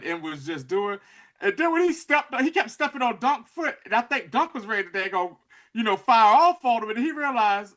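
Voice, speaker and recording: A man's voice: high voice, moderate pace. A man casually recapping a TV episode with a co-host, acting out the characters' lines as he goes. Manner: animated storytelling, acts out characters' lines. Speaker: podcast co-host.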